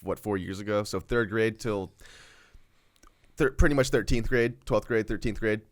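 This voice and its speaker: A young man telling stories as a guest on a casual podcast, laughing often and talking in lively bursts. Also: on the low side, normal speed. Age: young adult. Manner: laughing, animated storytelling. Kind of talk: casual chat.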